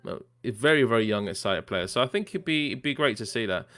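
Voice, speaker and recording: A man's voice: mid-range voice, expressive, fast, fairly bright tone. A man hosting a football watchalong live stream, chatting casually and reading out viewer comments with lots of fillers. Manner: chatty, many fillers, reads out names and predictions. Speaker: livestream watchalong host.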